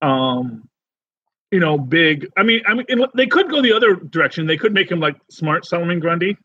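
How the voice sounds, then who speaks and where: A man co-hosting a podcast in casual chat, rambling and animated with many restarts. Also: fairly high pitch, normal speed, slightly rough, dull audio. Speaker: podcast co-host.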